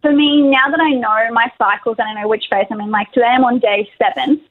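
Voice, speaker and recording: High enthusiastic woman over a tinny line. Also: fairly even intonation, brisk. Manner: enthusiastic, emphatic. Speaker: podcast guest. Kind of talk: casual chat.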